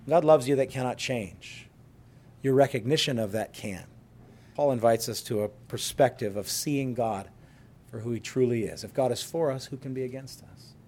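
Male pastor, mid-pitched, earnest sermon delivery and prayer. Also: mellow. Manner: earnest storytelling, then prayerful.

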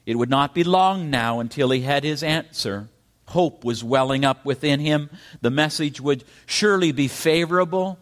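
A man preaching a sermon in church, with emphatic questions and dramatic rises in pitch. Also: normal speed. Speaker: pastor.

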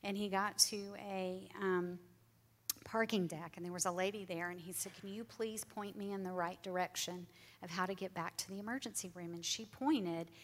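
A woman's voice: medium pitch, fairly even intonation, normal speed. A woman tells her faith testimony to an audience in an earnest, heartfelt way. Her voice sits in a middle register and now and then sinks to a near whisper. The sound carries the long reverb of a large hall. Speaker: guest speaker sharing her testimony.

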